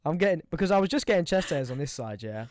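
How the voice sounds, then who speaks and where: A man's voice: fairly high pitch, expressive, fast, darkish tone, dry recording, clean studio sound. A young man, bantering bluntly and swearing freely as a podcast co-host. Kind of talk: casual chat.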